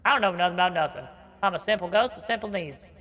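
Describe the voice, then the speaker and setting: A man's voice: high voice, quick pace, bright, forceful tone, big-room sound, soft background music. A man voicing a simple-minded, joking male farmer ghost who talks in a folksy, ungrammatical way. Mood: rambling.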